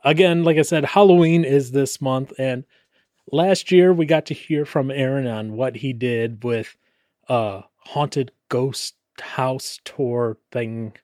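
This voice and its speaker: A man's voice: mid-range voice, slow pace, a little mellow, dry recording, studio quality. Joking man co-hosting a podcast. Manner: joking, teasing, playful asides. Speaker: podcast co-host. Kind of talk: casual chat.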